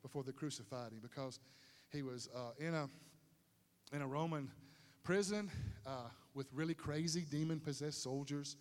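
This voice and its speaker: A man preaching a sermon in a lively, conversational way with slang asides, in a large stadium. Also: fairly high pitch, moderate pace, pauses often. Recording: long hall reverb.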